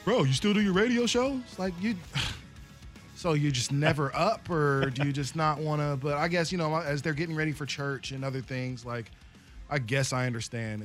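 A man's voice: medium pitch, no room sound, studio quality. A man hosting a sports radio show, talking casually and rambling in a self-deprecating way.

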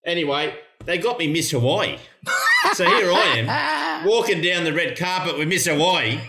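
A man's voice: a little high, sing-song, normal speed, background noise. A man telling a story in casual chat, in an easygoing way. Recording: echoey room.

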